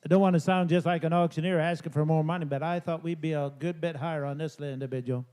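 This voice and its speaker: A man working as an auctioneer at a livestock sale, calling bids in a rapid rhythmic chant. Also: fairly high pitch, steady tone, a little mellow, clean tone.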